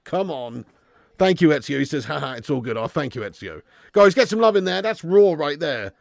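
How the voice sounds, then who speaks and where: A man's voice: fairly high pitch, animated, normal speed, gravelly, no room sound. A man hosting a live football watch-along stream, reading out donations and bantering with viewers in a chatty manner with frequent laughs.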